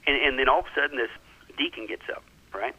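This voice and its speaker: A man's voice: mid-range voice, fast talker, husky, highs cut off. A man telling stories like a preacher, emphatic, often breaking in with "listen" and "right?" to hold attention. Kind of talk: animated preacher-style storytelling.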